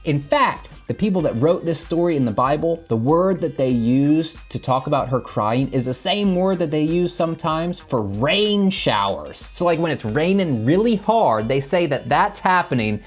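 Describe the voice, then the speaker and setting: A middle-aged man teaching a children's Bible lesson, telling the story in an animated way and checking in with the kids as he goes. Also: a little high, normal speed, few pauses, faint music behind.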